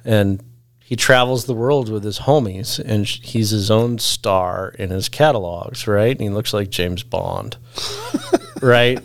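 A man's voice: on the low side, takes it slowly, dry recording. A man telling a rambling, laughing story as a podcast guest, in a casual chat. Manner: laid-back, laughs through his story, rambles with restarts.

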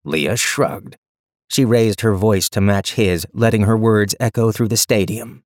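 A man narrating an audiobook in a measured, steady way. His voice is on the low side. The recording is dry and close, with no room sound. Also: dry recording.

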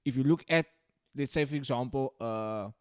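A young man in casual podcast chat, profane and animated, breaking into sudden loud rants. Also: medium pitch, moderate pace, smooth, dry recording, clean studio sound. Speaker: podcast co-host.

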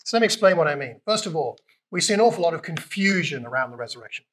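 A man with a British accent preaching a conversational sermon, retelling scripture and acting out lines with lively emphasis. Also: on the high side, very fast. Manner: conversational, animated, acts out quotes with raised voice.

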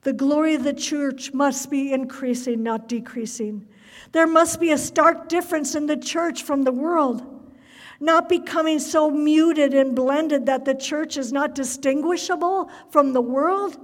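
A woman preaching a fervent sermon, her voice rising to loud cries at its peaks. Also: high-pitched, measured pace, in a large hall.

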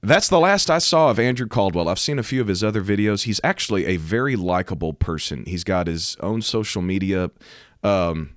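An American man, a preacher, talking emphatically about faith and current events and rising to loud, animated outbursts. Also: lowish voice, a little fast, no echo, studio quality. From United States. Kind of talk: preaching commentary to camera.

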